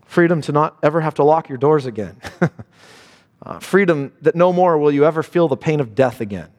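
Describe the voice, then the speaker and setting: A man preaching a sermon with impassioned delivery, dropping low and quiet then rising to high exclamations. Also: expressive, a little fast, in a large hall. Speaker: pastor.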